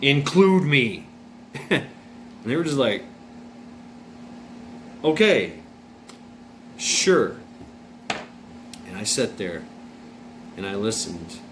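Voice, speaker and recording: A man telling a personal story in a casual, rambling way, repeating himself, restarting, filling pauses with uh and swearing bluntly. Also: lowish voice, sing-song. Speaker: vlogger. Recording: noisy room with air conditioner hum. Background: air conditioning hum.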